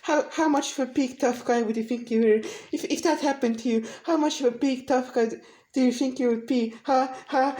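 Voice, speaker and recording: A woman's voice: high-pitched, steady tone, moderate pace, mellow, rough recording. A young woman vlogging from home, rambling in a crude, repetitive way and swearing often. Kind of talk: rambling solo vlog.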